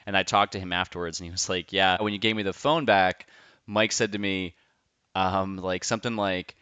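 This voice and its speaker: Podcast host, man, deep and crisp, loose rambling delivery with casual swearing, dry close sound. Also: little pitch movement, normal speed, bright, forceful tone, dry recording, dull audio. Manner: loose, enthusiastic, swears freely, rambling asides. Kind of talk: casual podcast intro monologue.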